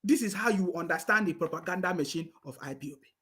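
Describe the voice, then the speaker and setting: A man's voice: sits high, lively intonation, quick pace, bright, forceful tone. A man with a Nigerian accent giving mocking political commentary, repeating himself and laughing with scorn.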